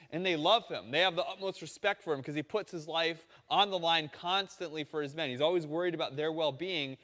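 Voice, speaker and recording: Guy preaching in a big echoey hall, high voice, acts out all the quotes. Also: fairly bright tone. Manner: storytelling, acting out quoted voices. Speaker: pastor. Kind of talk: sermon.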